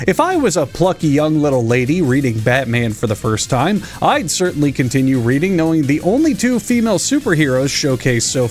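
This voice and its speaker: A man reviews a comic in sarcastic, profane comedic commentary. His fairly high voice swoops up and down as he mocks the story and slips into silly parody voices. Faint music plays underneath.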